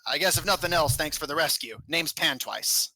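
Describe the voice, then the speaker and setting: A man voicing a jumpy, gruff male goblin mine warden who talks in a folksy drawl. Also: a little high, lively intonation, moderate pace, sharp tone, no room sound, full character voice.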